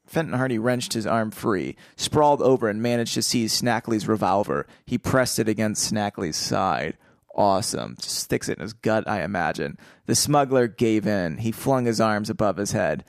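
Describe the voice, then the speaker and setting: A man's voice: on the low side, animated, moderate pace, gravelly, no echo, clean studio sound. A man co-hosting a casual podcast, reading a book aloud and breaking off to riff with jokes. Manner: reads passages then riffs with jokes and laughs. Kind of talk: casual comedic read-along chat.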